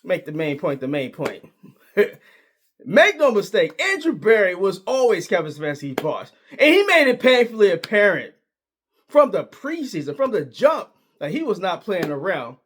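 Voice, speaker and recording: Very animated at a moderate pace, this sports commentator argues his opinions in a casual monologue, hammering points repeatedly with plenty of slang. His voice is high and fairly bright, with a little hiss or hum.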